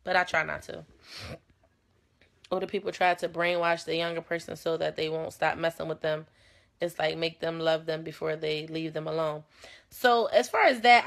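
A young woman hosting a casual talk show, talking bluntly and animatedly, with plenty of swearing and a confrontational edge. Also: fairly low pitch.

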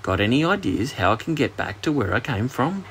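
A man with an Australian accent voicing an embarrassed, grumpy male dragon for a bedtime storybook, speaking slowly in a raised voice. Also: sing-song, a bit bright, a little hiss or hum. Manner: slow, sulky, higher-pitched drawl.

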